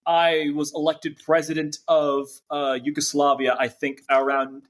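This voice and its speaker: A young man with a slightly raised pitch, a guest voice actor in casual chat. He talks excitedly and tosses off deadpan, silly jokes about himself. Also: unhurried. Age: young adult. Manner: excited, playful, self-mocking jokes.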